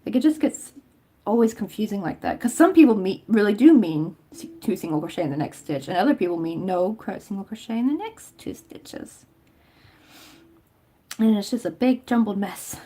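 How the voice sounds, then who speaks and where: A young woman from Tennessee with a light Southern lilt, talking to her stream while she works on a craft. She rambles in a friendly, loose way, full of fillers and small laughs. Her pitch sits in the middle for a woman. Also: lively intonation, moderate pace, warm tone. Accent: Southern American. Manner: chatty and rambling, lots of "like" and laughs. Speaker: crochet livestream host. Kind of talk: casual livestream chat while crafting.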